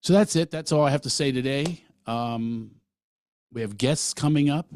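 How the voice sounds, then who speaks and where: A man's voice: mid-range voice, normal speed, darkish tone. A man hosting a solo podcast, talking earnestly and emphatically and sometimes acting out other voices. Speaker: podcast host.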